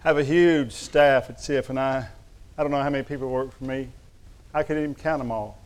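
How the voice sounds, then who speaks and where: A man's voice: mid-range voice, fairly even intonation, brisk, clear, resonant tone. A middle-aged man preaching a sermon, telling folksy stories with humor. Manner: folksy storytelling with humor and Southern address. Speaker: pastor.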